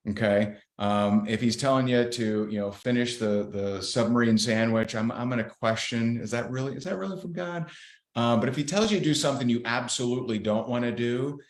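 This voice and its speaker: A man's voice: medium pitch, steady tone, brisk, few pauses. A man guest on a podcast, candidly telling a faith story in an earnest, blunt way. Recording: roomy echo.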